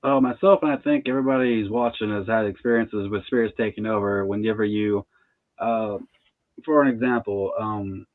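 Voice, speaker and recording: A man's voice: lowish voice, fairly even intonation, normal speed, dry recording. A man in his thirties, a tarot reader, talking in a laid-back, casual way and laughing between thoughts. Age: 30s. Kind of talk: casual interview chat. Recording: tinny phone-like line.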